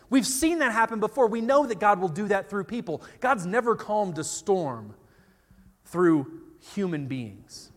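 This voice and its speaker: A man preaching a sermon, telling a story with animated retellings and quoted voices. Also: sits high. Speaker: pastor. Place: church in Colorado. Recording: long reverb of a large hall.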